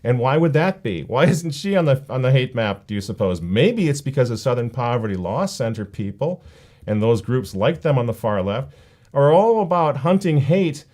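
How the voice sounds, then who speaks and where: A man's voice: fairly high pitch, sing-song, normal speed, dark tone. A man hosting a political commentary show, speaking in an emphatic, sarcastic and indignant way. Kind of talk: opinion commentary.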